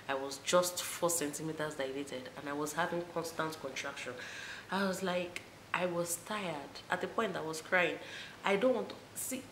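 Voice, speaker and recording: A young woman recounts a personal story to camera in a low, unhurried voice. She gets animated and jumps high for the remembered moments. The room is echoey, with a faint hiss behind her. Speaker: vlogger.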